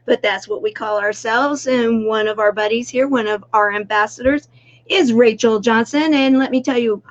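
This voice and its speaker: A woman's voice: fairly high pitch, muffled recording. A woman hosting an online talk show, introducing guests in an effusive way. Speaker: host. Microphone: video call.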